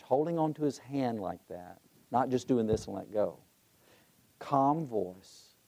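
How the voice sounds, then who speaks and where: Man, middle-aged, mid-pitched voice, conversational storytelling, leadership talk, frequent restarts. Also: mellow. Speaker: conference president speaking on leadership.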